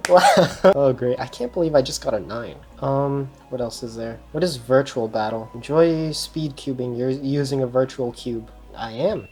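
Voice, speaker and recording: Woman, very low voice, excitable, swears and laughs, casual vlog commentary, faint music behind. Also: moderate pace. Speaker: speedcubing channel host. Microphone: GoPro camera.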